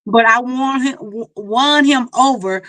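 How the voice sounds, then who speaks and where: A woman's voice: fairly high pitch, measured pace, pushed and bright, dry recording. Middle-aged woman, Mississippi country accent, folksy storyteller guest, dry mic. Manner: folksy, storytelling, laughs at herself. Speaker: singer guest. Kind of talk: casual interview chat.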